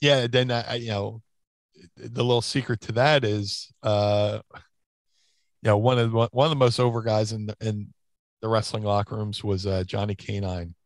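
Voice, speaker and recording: A man's voice: fairly low pitch, fairly even intonation, moderate pace, dry recording. A man in a casual interview, telling stories in a rambling way with many restarts and fillers. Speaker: interview guest, former wrestler. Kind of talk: casual storytelling.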